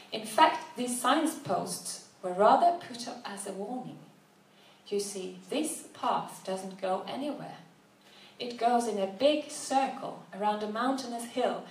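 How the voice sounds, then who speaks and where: A woman voicing a wise, cheerful elderly woman who speaks gently and patiently, recorded from a distance in a roomy space. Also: medium pitch. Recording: roomy, distant mic, faint background noise.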